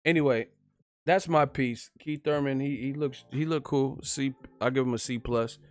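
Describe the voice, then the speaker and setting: A man's voice: mid-range voice, moderate pace, darkish tone. A young man giving casual, profane live-stream boxing commentary, joking and laughing loosely.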